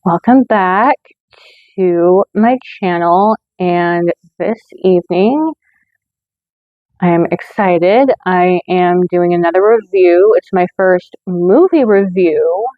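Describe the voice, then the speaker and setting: A woman's voice: lowish voice, takes it slowly, no room sound, narrow, tinny audio. A woman hosting her own movie review channel, talking in a chatty way with lots of fillers and self-corrections. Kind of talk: casual scripted review.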